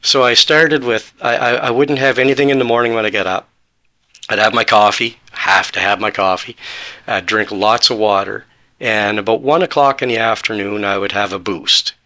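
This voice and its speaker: A man in his forties appears as a podcast guest, earnestly telling his own story and acting out past conversations with quoted dialogue. His lowish voice is pushed and bright, with fairly even intonation at a normal speed.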